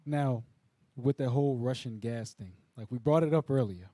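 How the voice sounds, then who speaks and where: A man adding commentary in a preaching Bible lesson, animated and slangy. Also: mid-range voice, normal speed, dry recording.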